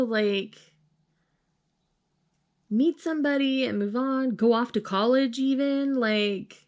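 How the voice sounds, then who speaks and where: A woman's voice: fairly high pitch, fairly even intonation, a little slow. A woman reviewing manga in a casual reaction vlog, chatty and rambling, venting her frustration with groans and sighs.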